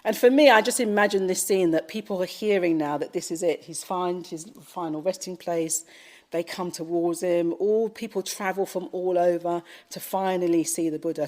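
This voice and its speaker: A woman giving a Buddhist dharma talk, gently telling a story with frequent fillers. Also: fairly low pitch. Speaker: Buddhist teacher. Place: retreat talk at a Buddhist centre.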